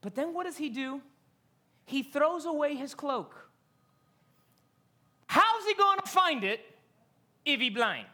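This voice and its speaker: A preacher delivering a sermon from a stage, telling the story in an animated way, full of rhetorical questions and casual slang. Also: high voice, slow, pauses often.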